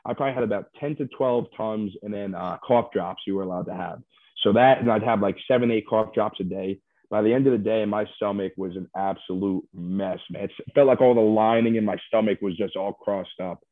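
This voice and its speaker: A man's voice: lowish voice, brisk, no echo. A man who was a reality show contestant, chatting casually and rambling loosely with lots of fillers as he is interviewed over a call. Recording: dry tinny phone line.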